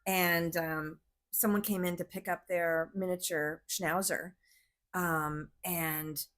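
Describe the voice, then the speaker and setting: A woman's voice: fairly low pitch, takes it slowly. A middle-aged woman who owns the business, telling funny stories in a casual chat and acting out the quotes. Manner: animated storyteller, acts out quotes, laughs often. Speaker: business owner and podcast host.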